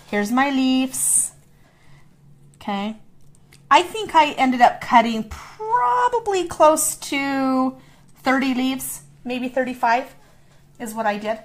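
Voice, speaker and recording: A woman's voice: high-pitched, animated, slow pace. A middle-aged woman demonstrating a craft in a chatty, playful way, explaining each step. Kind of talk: casual craft tutorial.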